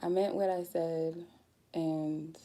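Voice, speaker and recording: A woman's voice: low-pitched, flat delivery, slow pace, warm tone. A woman tarot reader giving a casual spiritual talk, blunt and goofy, swearing freely.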